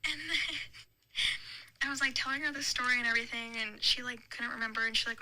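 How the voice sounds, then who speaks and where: A woman's voice: a little high, level tone, quick pace, pushed and bright, rough recording. A young woman telling a long, rambling story in casual chat, with lots of "like" and restarts. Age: young adult. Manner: chatty, rambling story with many likes. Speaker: podcast guest.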